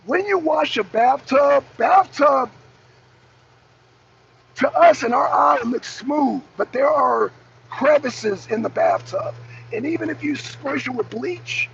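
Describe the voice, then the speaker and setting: Gravelly woman hammering rhetorical questions. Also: high voice, lively intonation, slow pace. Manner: emphatic, repeats rhetorical questions; reads and answers viewer chat. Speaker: host. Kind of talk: livestream political commentary. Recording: dull lo-fi stream audio with faint noise.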